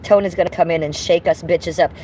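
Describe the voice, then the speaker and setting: Chatty woman streamer, lower voice. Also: fairly even intonation, fairly quick, mellow, slight background noise. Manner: chatty, rambling, talks to her chat by name. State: coughing from smoke. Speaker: live streamer. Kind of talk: casual live-stream chat. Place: outdoors, walking around.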